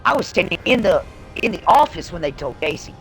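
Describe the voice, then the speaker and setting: A woman's voice: on the low side, big pitch swings, fairly quick, a bit bright, faint music behind, low-quality recording. A woman livestreamer telling a story in casual talk, blunt and heavily profane. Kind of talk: casual storytelling on a live stream.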